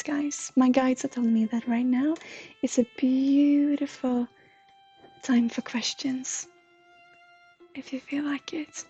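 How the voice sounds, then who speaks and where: A woman from Sweden, a streamer and intuitive counselor chatting softly with viewers, often slipping into a breathy whisper. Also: high-pitched, dull audio. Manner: soft, often drifting into a breathy whisper, laughs often. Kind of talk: live stream chat with viewers.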